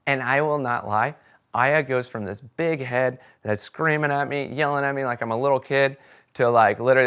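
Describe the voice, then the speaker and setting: A man chatting casually to camera about his experiences, telling stories in an animated way and often checking in with "right?" and "okay?". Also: medium pitch, moderate pace, smooth. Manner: animated storytelling, acts out quoted voices; conversational fillers like "right?" and "okay?". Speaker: vlogger sharing experiences.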